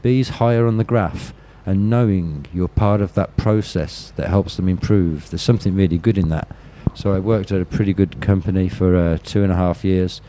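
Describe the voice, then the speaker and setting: Speaking as an interview guest, this man from Birmingham, England shares frank stories in his local accent, using blunt, profane language and frequently starting over. His low voice is warm and steady, moving at a moderate pace with hardly any pauses, against slight background noise.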